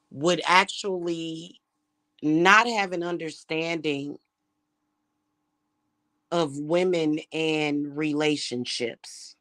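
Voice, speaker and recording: Low-pitched with a slightly bright edge, a woman who works as a spiritual reader and vlogger rants angrily, cursing and circling back to the same points. The recording is dry and clean, with studio quality.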